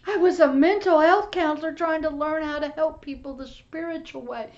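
A woman pastor giving an emotional spiritual testimony, often dropping to a soft whisper. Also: high-pitched, normal speed. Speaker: pastor and teacher. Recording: muffled lo-fi recording.

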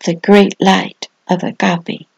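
Slow, gravelly-voiced woman pastor reading. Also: mid-range voice, flat delivery, darkish tone, lo-fi sound. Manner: slow, solemn, dramatic declarations with repetition. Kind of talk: scripted inspirational reading.

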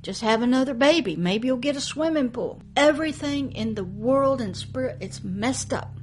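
High-voiced, emphatic woman pastor preaching. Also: animated, moderate pace, a little hiss or hum. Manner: emphatic, swinging between loud declarations and hushed asides. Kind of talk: preaching monologue.

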